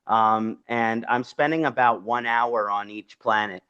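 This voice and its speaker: A man's voice: on the low side, steady tone, unhurried, pushed and bright, clean tone, lo-fi sound. Nasal Philadelphia man lecturing. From Philadelphia, Pennsylvania. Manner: earnest, reflective, asks rhetorical questions. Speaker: astrology lecturer.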